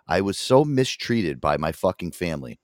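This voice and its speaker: A man hosting a podcast, chatting casually and swearing freely while telling animated stories. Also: low-pitched, normal speed, dry recording, studio quality. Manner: profane, animated storytelling. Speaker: podcast host. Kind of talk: casual chat.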